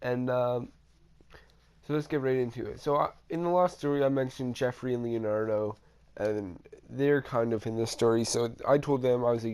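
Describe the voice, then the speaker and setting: A man's voice: medium pitch, steady tone, moderate pace, a little mellow, clear, resonant tone. Rambling, profane young man telling a story. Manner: rambling, profane, with many restarts and fillers. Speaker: storytime vlogger. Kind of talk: casual storytelling over gameplay.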